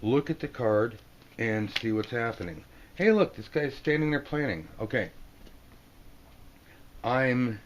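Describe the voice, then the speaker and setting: A man giving a casual tarot video lesson, joking and acting out the people on the cards in quick silly voices. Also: fairly low pitch, a little hiss or hum. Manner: playful, jokey, acts out card characters in quick silly voices. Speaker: tarot teacher.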